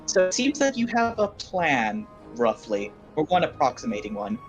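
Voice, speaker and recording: A man running a tabletop game as game master, talking in a relaxed, rambling way with many filler words. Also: a little high, moderate pace, muffled recording, faint music behind. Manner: relaxed, rambling, lots of likes. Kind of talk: casual tabletop game chat.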